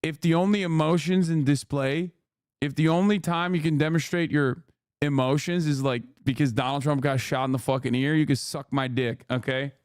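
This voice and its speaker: A man's voice: a little high, fairly even intonation, moderate pace, darkish tone, clear, resonant tone, dry recording, clean studio sound. A man in his thirties ranting on a live stream, crude, mocking and combative. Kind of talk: profane live-stream rant.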